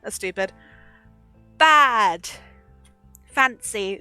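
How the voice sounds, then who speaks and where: A woman's voice: mid-range voice, extremely slow, long pauses, pushed and bright, clean tone, soft background music. A young woman chatting casually on a livestream, giggly and swearing freely. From Britain. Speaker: streamer.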